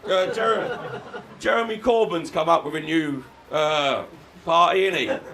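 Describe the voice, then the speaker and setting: A man from the UK doing a live stand-up set, crude and sardonic, breaking into shouted rants. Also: fairly high pitch, a little slow, noisy background. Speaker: stand-up comedian. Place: comedy venue with live audience.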